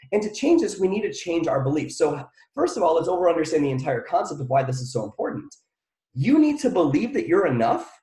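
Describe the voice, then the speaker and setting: A man giving a lively motivational talk to a live audience, asking them questions and repeating phrases to drive his point home. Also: a little high, echoey room. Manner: energetic, repeats phrases, asks the crowd questions. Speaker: motivational speaker. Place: room with an audience.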